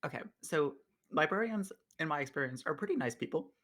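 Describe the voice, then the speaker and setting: A man's voice: on the high side, expressive, fairly quick, a bit bright. A man playing in a tabletop role-playing game, casually describing his character's actions with dry jokes. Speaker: player.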